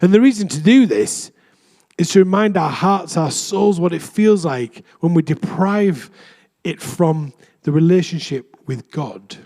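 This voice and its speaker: A man's voice: fairly high pitch, lively intonation, measured pace, mellow. A young adult man, a vicar, preaching a chatty, self-deprecating sermon in a church.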